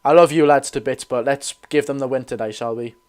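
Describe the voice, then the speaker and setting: A man doing a quick impression of a football manager giving his players a coaxing team talk, in a low, mumbled voice. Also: darkish tone, clean tone, natural voice.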